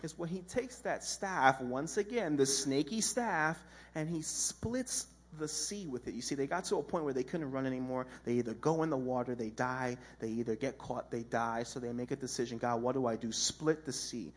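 A man's voice: medium pitch, normal speed, hardly any pauses, slightly rough. A man giving a casual, humorous sermon as a preacher, telling a story with slang and acted-out voices.

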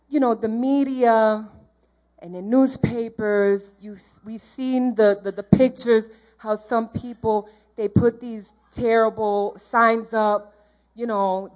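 A woman's voice: a little high, darkish tone. A woman giving a church testimony in an earnest, heartfelt, rambling way, jumping around in her story.

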